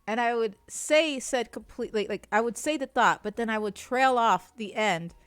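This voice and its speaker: Woman podcast co-host, casual chat, higher voice, dry close mic, giggly, swears, trails off mid-thought. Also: normal speed, a bit bright, clean tone, dry recording. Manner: laughs often, swears, trails off mid-sentence. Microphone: streaming mic.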